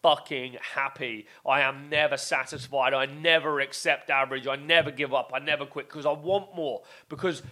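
A man hosting a podcast, delivering an intense motivational monologue full of swearing and repeated exhortations, swinging between loud outbursts and low, emphatic lines. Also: steady tone, normal speed, hardly any pauses. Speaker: podcast host.

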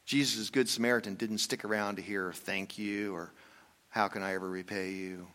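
A man's voice: fairly low pitch, fairly even intonation, moderate pace. Older man preaching in a reverberant hall. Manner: storytelling, conversational, drops to quiet asides. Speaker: pastor. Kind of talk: sermon.

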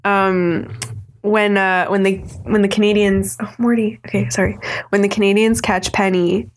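A woman from Denmark, with a medium-pitched voice, chats casually with her co-host. She makes dry, wry asides and sounds relaxed. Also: normal speed, a little hiss or hum. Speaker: podcast co-host. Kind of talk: casual chat.

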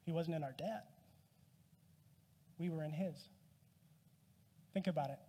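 A male pastor preaching with a fairly high, slightly husky voice. He keeps it conversational and pokes fun at himself. His words ring out with a long hall reverb behind them. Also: unhurried, warm tone. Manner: conversational, self-deprecating humor. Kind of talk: sermon.

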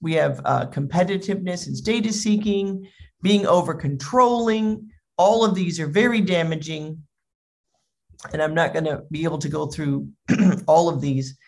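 A speaker giving a humorous talk on parenting, telling anecdotes in an animated way. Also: mid-range voice, normal speed, gravelly. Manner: animated storyteller.

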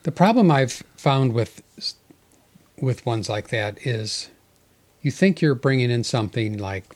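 A man's voice: mid-range voice, lively intonation, measured pace, a little mellow. A man co-hosting a podcast in casual chat, musing aloud and playing the contrarian. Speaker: podcast co-host.

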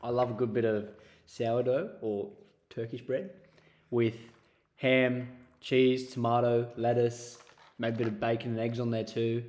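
A relaxed man co-hosts a casual podcast chat. He talks at an ordinary male pitch in an easy, chatty manner. The room gives his voice a noticeable echo. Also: unhurried. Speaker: podcast co-host. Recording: roomy echo.

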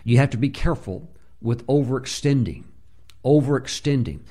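A man's voice: medium pitch, expressive, moderate pace, warm tone. A man preaching a sermon, telling a story with many filler uhs and acting out the voices he quotes.

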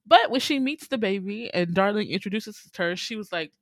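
Animated, swearing woman recapping a film. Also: normal speed, no room sound, studio quality. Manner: animated, swears freely, acts out her own outraged reactions in a high voice. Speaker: podcast co-host. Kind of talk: casual movie recap chat.

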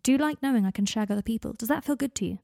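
A lovesick young man argues in a quick, exasperated voice, as a woman reading the story puts him on. Her tone is mellow yet gravelly, with a dry close sound. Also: a little high, no room sound. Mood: pointed.

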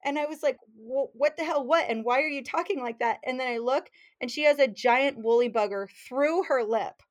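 A woman's voice: high-pitched, normal speed. A woman fishing guide telling a story in a casual chat, acting out what people said and laughing as she goes. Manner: animated, acts out quotes, laughs while telling. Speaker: fishing guide, podcast guest.

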